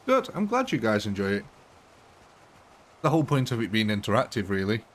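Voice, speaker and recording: A man talks to his live-stream viewers in a loose, chatty way, chuckling often. His voice sits a little low. It is late at night, and he is streaming from home. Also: huge pitch swings, a little fast. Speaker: game streamer. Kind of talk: casual live-stream chat.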